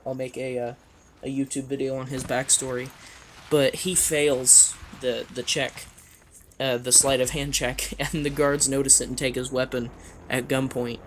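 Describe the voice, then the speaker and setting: A man's voice: mid-range voice, slight background noise. A man casually recounting a tabletop game session, rambling with fillers and chuckles. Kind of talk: casual storytelling.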